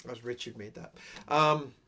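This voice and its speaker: A man's voice: medium pitch, moderate pace, creaky, bright, forceful tone. A man hosting a casual live stream, rambling and self-deprecating, often losing his train of thought. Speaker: livestream host and singer-songwriter.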